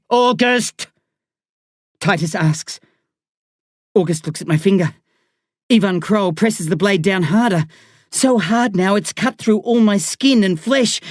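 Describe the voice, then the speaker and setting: A woman's voice: mid-range voice, a little mellow, dry recording, clean studio sound. A woman narrating a novel in the first person, with an intense, dramatic delivery. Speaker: audiobook narrator.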